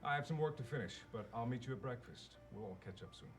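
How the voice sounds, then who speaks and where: A man's voice: medium pitch, lively intonation, fast talker, faint music behind, lightly acted. A man playing a suave, theatrical party host. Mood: jovial. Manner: grand, theatrical, slightly formal speech. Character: suave, flamboyant wealthy male party host. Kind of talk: comedic mystery film acting.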